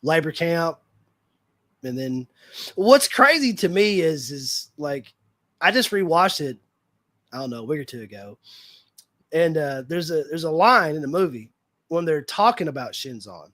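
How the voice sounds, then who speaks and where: A man with a fairly high-pitched voice hosts a relaxed fan livestream chat. He rambles and restarts, padding his thoughts with plenty of filler words. The sound is dry and close, with no room around it. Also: a little slow, pauses often, no echo. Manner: rambling, heavy use of fillers like "like" and "you know". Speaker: livestream host.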